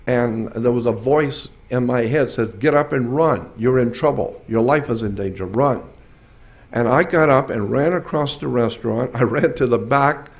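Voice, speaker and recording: A man in his late sixties speaks at a symposium in an earnest, emphatic way. He tells personal stories and circles back over his phrases for weight. His voice sits in an ordinary middle pitch. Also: a little mellow. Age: 60s.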